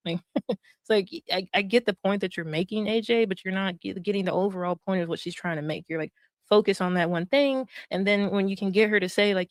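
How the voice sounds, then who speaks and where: A woman's voice: medium pitch, fairly quick, no echo, clean studio sound. A woman streamer giving casual commentary on a clip, chatty and laughing often, with many fillers. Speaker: streamer reacting to clips.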